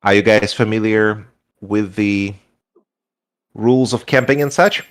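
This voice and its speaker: A man narrating a tabletop role-playing game as game master, in a relaxed, rambling way. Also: lowish voice, unhurried.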